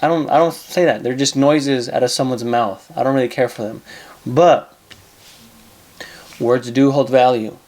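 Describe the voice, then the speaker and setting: A man's voice: medium pitch, fairly even intonation, normal speed, pauses often, a little mellow. A man hosting an advice show, talking casually in a blunt, profane way and repeating himself for emphasis.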